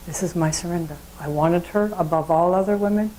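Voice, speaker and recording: Woman speaker, conversational sermon with storytelling, mellow low tone. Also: brisk, hardly any pauses, a little hiss or hum, rough recording. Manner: conversational, asks the audience questions. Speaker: speaker at a spiritual centre.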